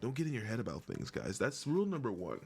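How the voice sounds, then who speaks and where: A man's voice: mid-range voice, wildly swooping pitch, quick pace, creaky, darkish tone, breathy edge, soft background music. A man rambling to camera in a goofy, scattered comedic monologue, swearing and laughing between half-finished thoughts. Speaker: video creator.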